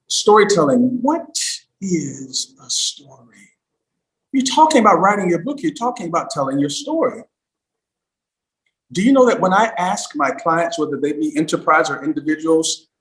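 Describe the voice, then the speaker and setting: Excited guy coaching on storytelling, voice jumps all over, bit of room echo. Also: fairly high pitch. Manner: animated, emphatic, swings from loud to hushed. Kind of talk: livestream talk.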